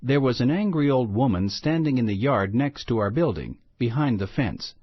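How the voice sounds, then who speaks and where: A man reading a children's storybook aloud in a slow, expressive storytelling manner. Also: mid-range voice, no echo. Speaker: storybook reader. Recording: muffled lo-fi recording.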